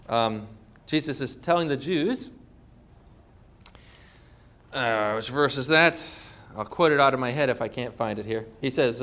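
Pastor guy preaching hard, keeps asking right? didn't he?, voice a bit on the high side. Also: fairly bright tone. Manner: emphatic preaching with rhetorical questions. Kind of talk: sermon. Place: church. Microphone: phone.

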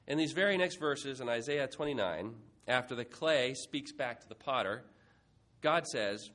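A man preaching a sermon, moving from quiet reflection to a playful mock auction with the congregation. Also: medium pitch, lively intonation, moderate pace. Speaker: pastor.

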